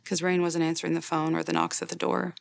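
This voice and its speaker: A woman in her forties speaks in a deep, heavily gravelly voice, telling her story plainly and haltingly with lots of fillers and restarts. The sound is dry and close, with no room around it. It is an interview for a documentary. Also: level tone, dry recording. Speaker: grieving mother interviewed for a documentary. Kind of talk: personal testimony in an interview.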